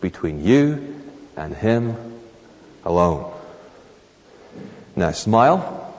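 A man preaching a sermon in a church hall, animated, acting out little scenes in raised voices. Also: lowish voice, very slow, a little hiss or hum. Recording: long reverb of a large hall.

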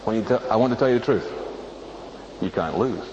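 A man preaching a sermon from a platform to an audience, emphatic, slowing down to stress single words. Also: fairly low pitch. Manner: acts out inner voices of listeners. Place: speaking from a platform before an audience. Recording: dull lo-fi recording with faint noise.

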